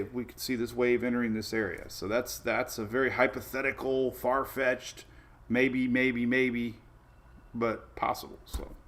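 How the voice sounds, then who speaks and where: Chatty man hosting a weather livestream. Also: medium pitch. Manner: rambling, chatty, many fillers and restarts, greets viewers by name. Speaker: weather show host. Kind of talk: casual livestream weather talk.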